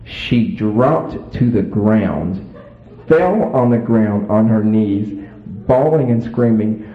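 A man telling a story to an audience in a folksy, animated way, acting out voices. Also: fairly low pitch, slow pace. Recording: echoey tinny phone-like sound.

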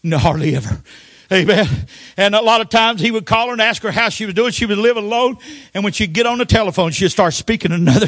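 An older man preaching a Pentecostal sermon, telling folksy stories with frequent amens and sudden shouted outbursts. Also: high-pitched, expressive, fast talker, no room sound, studio quality.

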